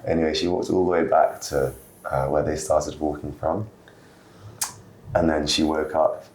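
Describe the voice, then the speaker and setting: Relaxed podcast host, male, very low and gravelly, recorded in a roomy space. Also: normal speed. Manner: relaxed, with fillers and soft laughs. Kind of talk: casual storytelling. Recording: roomy room with faint background noise.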